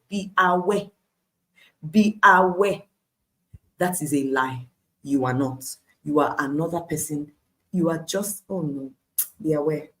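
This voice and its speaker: Emphatic woman teaching the Bible, slightly low. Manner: emphatic and repetitive, laughs often, lively asides. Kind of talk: devotional Bible teaching on a live stream.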